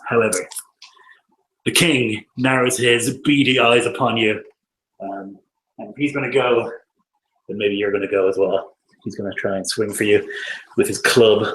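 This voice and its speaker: A man's voice: lowish voice, steady tone, normal speed, long pauses, fairly bright tone, slight background noise, rough recording. A man narrating as dungeon master of a tabletop game, loose and hesitant, full of ums and likes.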